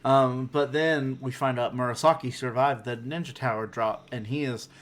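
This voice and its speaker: A man co-hosting a podcast, casually recapping anime episodes and acting out characters' lines in quick voices. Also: medium pitch, steady tone. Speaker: podcast co-host.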